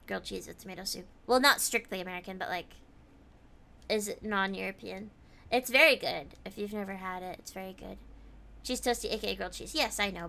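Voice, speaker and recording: A woman's voice: medium pitch, a little fast, vocal fry, sharp tone, soft background music. A woman streamer chatting casually while gaming, reading viewer comments aloud and answering them.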